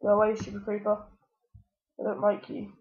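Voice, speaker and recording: A woman's voice: mid-range voice, moderate pace, highs cut off. A woman hosting a let's-play gaming commentary, talking to the game and yelping whenever she is in danger. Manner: excitable, talks to the game, yelps when in danger. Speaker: gaming channel host.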